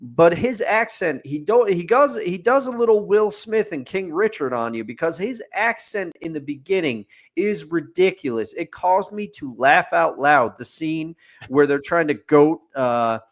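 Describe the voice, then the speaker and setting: A man with a fairly high-pitched speaking voice, talking through a movie in relaxed podcast chat. He is opinionated and builds his case point by point, ticking items off like a checklist. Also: a little slow. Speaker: podcast co-host. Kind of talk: casual movie review chat.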